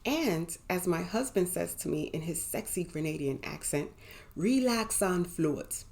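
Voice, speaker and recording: A woman's voice: lowish voice, lively intonation, moderate pace, vocal fry, darkish tone. A woman hosting a motivational self-help video, speaking to her viewers in an encouraging, upbeat and affirming way. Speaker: manifestation coach and channel host.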